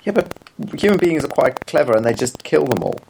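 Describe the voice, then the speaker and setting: A man co-hosting a podcast, chatting casually with dry, deadpan humor. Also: a little high, a little fast, vocal fry, slight background noise, low-quality recording. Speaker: podcast co-host. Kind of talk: casual chat.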